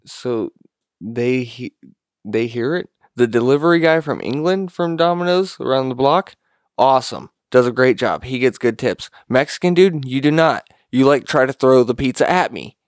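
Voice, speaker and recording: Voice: mid-range voice, animated, normal speed, no echo, studio quality. A laid-back podcast co-host who swears and laughs often in casual banter.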